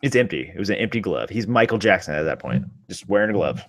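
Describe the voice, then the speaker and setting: Lively low-voiced podcast co-host. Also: male voice, fast talker. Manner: animated, laughs often, big comic-book fan. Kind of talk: casual chat.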